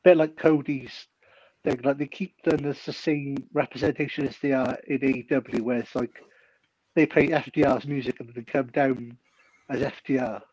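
A man on a podcast who rambles on, opinionated and casual. The sound is dry and close, and his voice sits at an ordinary pitch. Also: steady tone, normal speed, a little mellow, no echo, rough recording. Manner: rambling, opinionated fan talk. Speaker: podcast co-host. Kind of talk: casual chat.

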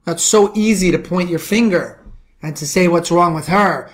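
A middle-aged man from the Bronx with a New York accent, hosting a podcast as a men's coach in a forceful motivational monologue full of rhetorical questions. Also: normal speed. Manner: forceful preaching, rhetorical questions, drops to low intense tones.

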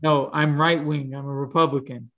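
A man co-hosting a casual podcast, talking in a halting, hesitant way and laughing easily. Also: fairly high pitch, level tone, a bit bright. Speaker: podcast co-host. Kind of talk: casual chat.

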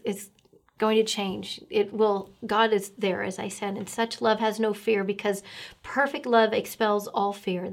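Middle-aged woman, earnest and emotional, flat-toned testimony with frequent fillers. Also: medium pitch. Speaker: guest sharing testimony. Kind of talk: personal faith testimony.

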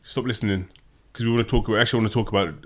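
A man's voice: lowish voice, fairly even intonation, racing. Chatty man co-hosting a podcast. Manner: playful, rambling, many restarts. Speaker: podcast co-host. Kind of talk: casual chat.

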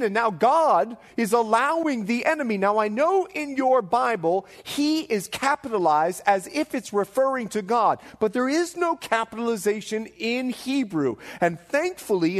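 A man in his forties, a pastor preaching a sermon to a congregation with animated storytelling, acting out the voices he quotes. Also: sits high. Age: 40s. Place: church hall before a live congregation.

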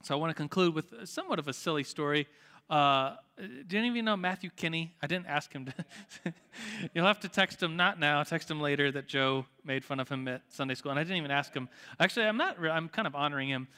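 A man with a bright, fairly high voice leads a church class in relaxed, rambling talk, often restarting his sentences. His voice rings out with a long hall reverb. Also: brisk, smooth. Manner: chatty, with frequent "like" fillers and restarts. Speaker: Sunday school teacher. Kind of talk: informal church class teaching, closing in prayer.

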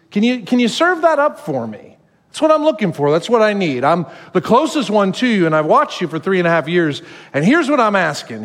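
A man's voice: high-pitched, fairly bright tone, in a large hall. A male pastor voicing a pushy male disciple who begs for power in a wheedling, pleading tone.

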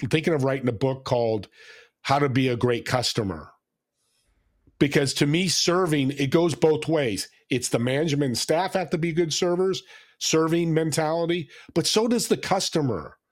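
A man's voice: on the high side, moderate pace. A man speaking as a guest, telling stories with energy and acting out the people in them. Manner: animated storyteller, acts out customers. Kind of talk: conversational interview.

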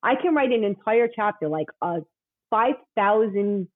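A woman's voice: medium pitch, a little slow, dry recording, phone-quality sound. A woman in her forties, a romance novelist, telling stories in casual chat with lots of laughter and acted-out quotes. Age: 40s. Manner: animated storyteller, laughs often, acts out quotes.

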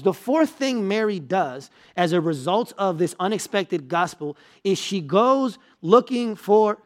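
High-voiced pastor preaching conversationally. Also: male voice. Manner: conversational, checks in with listeners; repeats words when building a point. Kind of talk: sermon.

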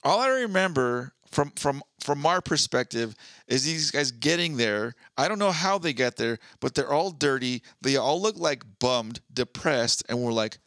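Relaxed mid-pitched man chatting. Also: a little slow, dry recording. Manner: relaxed, chimes in with short agreements. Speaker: podcast co-host. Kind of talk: casual chat.

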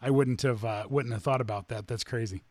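A man hosting a casual music podcast, relaxed as he leads the talk from song to song. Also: medium pitch, brisk, no room sound. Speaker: podcast host.

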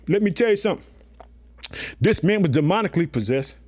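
A man's voice: high-pitched, animated, fast, pauses often, darkish tone. A man preaching a sermon in a colloquial, emphatic way, calling his listeners family and often saying "guess what" and "let me tell you something.".

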